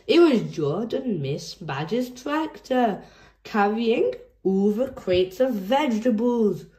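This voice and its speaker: A woman reading a children's storybook aloud in a gentle, clear storytelling manner. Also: a little high, expressive, slow. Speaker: storybook reader. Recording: roomy echo.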